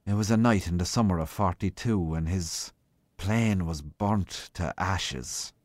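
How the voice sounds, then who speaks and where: A man voicing a heavy, irritable Irish police sergeant who speaks in a flat, curt way. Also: deep voice, unhurried, no echo. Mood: weary.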